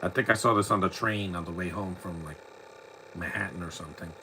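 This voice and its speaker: A man from the United States, talking over a movie in a rambling, opinionated way and often restarting his sentences. His voice sits a little low but sounds bright and forceful. A faint hum of noise runs beneath him. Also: brisk, poor audio. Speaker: movie commentary host. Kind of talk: casual live movie commentary.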